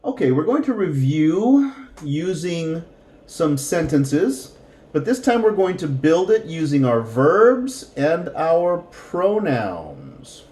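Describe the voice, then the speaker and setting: A man teaching a beginner language lesson, repeating words slowly and patiently for practice. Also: fairly high pitch, sing-song, darkish tone, reverberant. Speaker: Spanish teacher.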